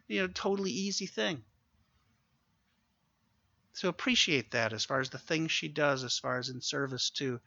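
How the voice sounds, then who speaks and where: Earnest preaching man, bright voice. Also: a little high, gravelly, dull audio. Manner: earnest, exhorting, slows down for emphasis. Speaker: pastor. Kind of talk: sermon.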